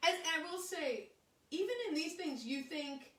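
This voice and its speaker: A woman's voice: sits high, lively intonation, normal speed, a bit bright, echoey room, distant mic. A woman co-hosting a live stream in casual chat, reacting to the story with short remarks. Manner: chimes in with short reactions and laughs. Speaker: co-host.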